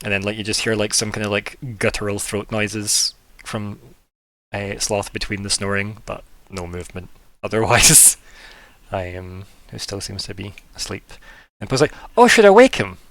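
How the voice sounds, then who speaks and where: A man's voice: lowish voice, flat delivery, moderate pace, sharp tone, no echo. A man narrating as game master, rambling with many fillers and likes.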